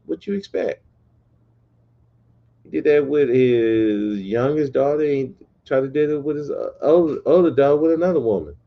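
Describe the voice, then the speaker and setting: A man's voice: mid-range voice, fairly quick, highs cut off. A man hosting a podcast livestream, ranting bluntly and profanely in a casual, repetitive way. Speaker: podcast host.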